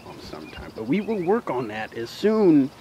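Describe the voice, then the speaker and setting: A man's voice: mid-range voice, huge pitch swings, normal speed, mellow, a little hiss or hum. A teenage boy telling a childhood story in a casual, profane, indignant way. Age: teens.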